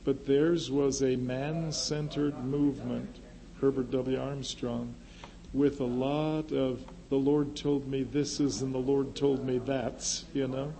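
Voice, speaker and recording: A man's voice: medium pitch, steady tone, takes it slowly, vocal fry, mellow, low-quality recording. An older man, a former pastor, teaching a class in a classroom, earnest and emphatic, often repeating a key phrase with fresh stress. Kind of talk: classroom lecture. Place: classroom with a board.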